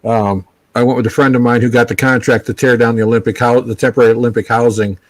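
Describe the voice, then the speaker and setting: A man in his sixties telling easygoing, rambling stories in a casual chat, at a middle pitch for a man. His voice sounds dry and close, with no room around it. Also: level tone, fast talker, no echo, low-quality recording. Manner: laid-back rambling storyteller.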